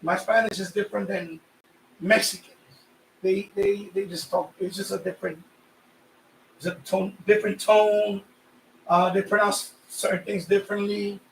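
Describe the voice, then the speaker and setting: A man's voice: high voice, level tone, moderate pace, creaky, long pauses, a bit bright, slight background noise. A Puerto Rican man from New York, chatting casually on a radio hobby live stream, rambling and repeating himself, sweaty from the heat. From Puerto Rican family, raised in New York. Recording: echoey room, voice a bit far off.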